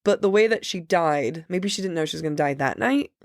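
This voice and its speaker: Low-voiced joking woman podcast co-host. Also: expressive, brisk, no room sound, studio quality. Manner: jokey, self-deprecating asides. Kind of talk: casual book chat.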